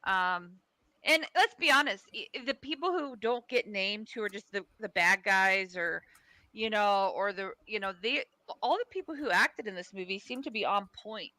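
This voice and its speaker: A woman's voice: medium pitch, expressive, moderate pace, sharp tone, dry recording. A woman on a headset co-hosting a casual movie review chat, hesitant, with many ums as she thinks aloud. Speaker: podcast co-host.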